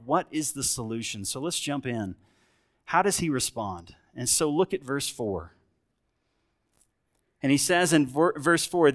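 A middle-aged pastor preaching a sermon in a church, conversational, asking his congregation questions and moving between lively emphasis and quiet reflection. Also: a little high.

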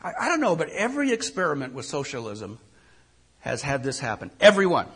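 A man's voice: on the high side, huge pitch swings, a little fast, fairly bright tone, husky. An older male pastor giving a conversational sermon, often repeating words as he thinks.

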